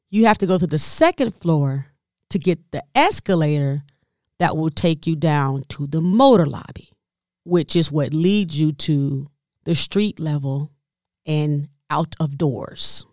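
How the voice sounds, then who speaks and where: A woman telling a comedic story, animated and exasperated, with sudden jumps in pitch for emphasis. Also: measured pace, no echo, clean studio sound.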